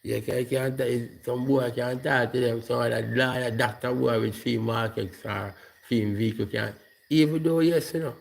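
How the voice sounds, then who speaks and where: A man's voice: mid-range voice, level tone, normal speed, gravelly, hardly any pauses. A Jamaican man talking to camera in a loose, rambling monologue full of patois fillers, outdoors at night. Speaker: vlogger.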